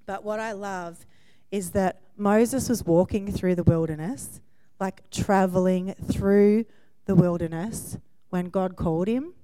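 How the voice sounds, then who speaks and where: A woman in her forties preaches a sermon in a warm, conversational way, often laughing and checking in with listeners by asking "yeah?" Her voice is medium in pitch, smooth and a little slow, with no echo.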